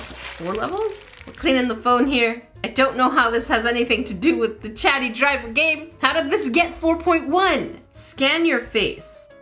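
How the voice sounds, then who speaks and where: A woman's voice: sits high, bright, forceful tone. A woman hosting a let's-play gaming video, chatty and often confused, talking to her viewers. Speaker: gaming channel host. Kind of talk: casual let's-play commentary. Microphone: desk microphone.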